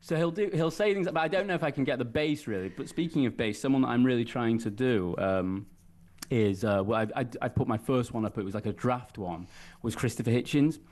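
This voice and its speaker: A man's voice: medium pitch, a little fast, darkish tone. A man, a comedian and impressionist guest, chatting casually in a self-deprecating way. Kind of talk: casual chat.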